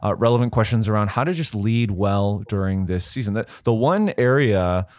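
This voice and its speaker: A man hosting a podcast, steering the conversation in a steady, organized way. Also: fairly low pitch, moderate pace, no echo. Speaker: podcast host. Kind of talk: casual chat.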